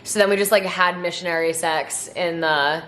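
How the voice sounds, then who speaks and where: A woman's voice: fairly low pitch, fairly even intonation, moderate pace, a bit bright, slight background noise. A young woman in her twenties telling stories in a casual question-and-answer vlog, chatty, full of fillers and swearing. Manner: chatty, filler-heavy, profane. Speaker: vlogger. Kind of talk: casual Q&A storytelling. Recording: echoey room.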